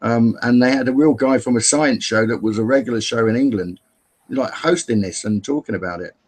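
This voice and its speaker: A man's voice: medium pitch, brisk, darkish tone, slightly rough. A man guest on an online call, rambling at length with many restarts. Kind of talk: casual chat, telling at length.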